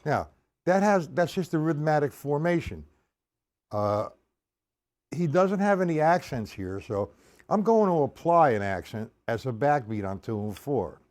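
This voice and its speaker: A man's voice: fairly high pitch, lively intonation, unhurried, a little mellow. A man teaching a drum lesson, explaining patterns step by step and counting sixteenth notes aloud. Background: drum kit playing.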